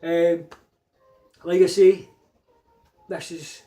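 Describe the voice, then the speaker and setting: A man's voice: a little high, level tone, very slow, warm tone, low-quality recording. A man with a Scottish accent talking casually in a rambling solo vlog, full of fillers and restarts. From Scotland. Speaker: vlogger.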